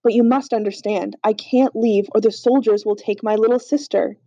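A woman's voice: fairly high pitch, steady tone, normal speed, mellow, husky, dry recording. A woman reading as a frightened young captive woman. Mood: earnest. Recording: slightly dull lo-fi audio.

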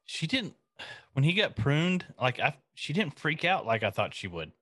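A man's voice: on the high side, very animated, normal speed, a bit bright, dry recording. A man in playful casual chat, joking and reacting to a show. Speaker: co-host reacting to a series.

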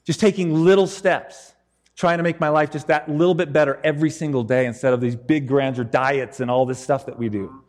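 A man preaching a sermon in an animated, joking, conversational way. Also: a little high, fairly quick, big-room sound.

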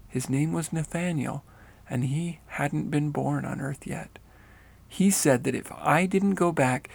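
A man reading a first-person spiritual story aloud in a steady, earnest way. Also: on the high side, gravelly, slightly rough.

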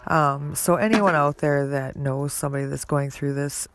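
Woman podcast host, earnest, halting, even-toned personal monologue. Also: sits low, soft background music. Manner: earnest, halting, many pauses and fillers.

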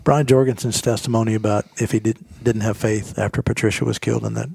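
A man's voice: fairly low pitch, fairly even intonation, quick pace, creaky, a little mellow, breathy edge, no echo. A man in his fifties, a golf professional telling his stories as a guest in a casual interview, earnest and rambling, often repeating himself.

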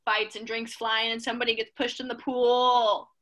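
A woman co-hosting a podcast, recapping a TV show in an opinionated, animated casual chat. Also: a little high, normal speed, over a noisy crowd, low-quality recording. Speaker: podcast co-host.

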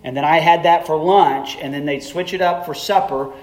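A man's voice: on the high side, normal speed, a little mellow. A middle-aged man preaching a sermon as a pastor, telling a story in a conversational way that climbs to emphatic peaks.

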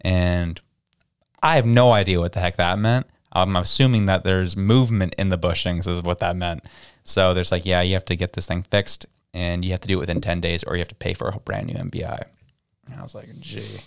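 A man's voice: low voice, fairly quick, creaky, clear, resonant tone, no room sound, studio quality. A man co-hosting a podcast, chatting casually and acting out the people in his stories. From Canada. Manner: storytelling, acts out quoted people. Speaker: podcast co-host. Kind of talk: casual chat.

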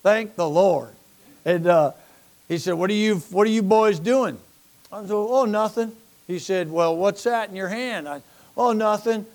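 A man's voice: high-pitched, measured pace, darkish tone. An older man preaching a sermon with folksy storytelling, acting out the people he quotes. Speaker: pastor.

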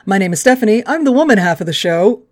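A woman's voice: mid-range voice, animated, quick pace. A woman in her thirties co-hosting a podcast in casual chat, joking, laughing and swearing freely. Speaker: podcast co-host.

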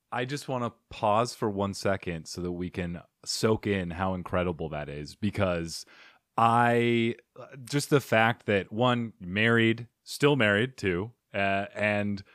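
A man's voice: fairly low pitch, takes it slowly, dry recording, clean studio sound. A man hosting a podcast interview, supportive and encouraging toward his guest. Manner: supportive, encouraging, frequent short acknowledgements. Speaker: podcast host. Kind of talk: casual interview.

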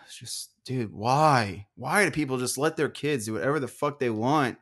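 A young man co-hosting a casual podcast, ranting in a profane, animated way. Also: medium pitch, measured pace, husky. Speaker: podcast co-host.

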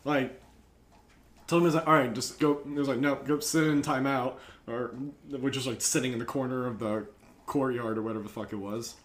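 A man's voice: mid-range voice, fairly even intonation, fairly quick. A man telling a story in casual podcast chat, laid-back and profane, laughing along as he goes. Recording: echoey room.

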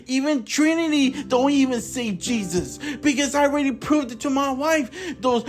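Fervent man preaching on his podcast. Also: extremely high pitch. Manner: fervent, repetitive, emphatic, sometimes tearful. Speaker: podcast host. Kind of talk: impassioned preaching monologue.

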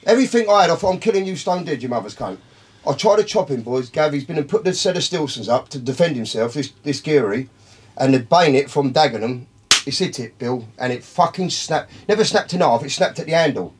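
A man's voice: on the high side, animated, a little fast, husky. A man, telling a long, profane story in casual talk, rambling and calling his listeners by name. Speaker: podcast guest.

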